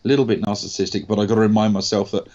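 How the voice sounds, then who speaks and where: An English man with a lowish voice tells a story candidly and with energy, the odd swear word thrown in. The sound is dull and lo-fi, as if from a call. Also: racing. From England. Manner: candid, animated anecdotes with mild swearing. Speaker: actor guest. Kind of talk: casual storytelling interview.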